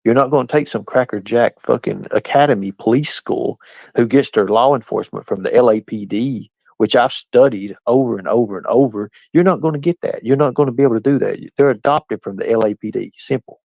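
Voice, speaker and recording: Gravelly, combative livestreamer man. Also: mid-range voice, fairly quick, darkish tone, dry recording. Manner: combative, confrontational, talks straight back to chat. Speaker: livestreamer answering chat. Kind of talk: casual live-stream rant. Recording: dull, lo-fi dry stream audio.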